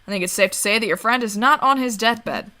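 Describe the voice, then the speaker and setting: Woman doing a creepy calm doctor. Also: fairly high pitch, brisk. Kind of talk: game voice-over reading.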